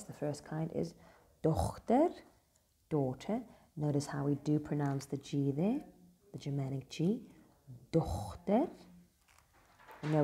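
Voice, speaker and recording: A woman teaches vocabulary in a relaxed, chatty way, recorded in a school. Her voice sits low with a mellow, gravelly edge. She repeats each new word slowly and cheers the listener on. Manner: chatty, encouraging, repeats words slowly to model pronunciation. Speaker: language teacher. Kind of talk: casual vocabulary lesson.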